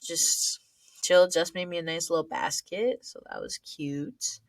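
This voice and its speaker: Young philly-woman cohosting, chatty n laughy, lowish voice, dry close mic. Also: a little slow, no room sound. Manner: laughs often, chatty and playful. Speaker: podcast co-host. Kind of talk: casual chat.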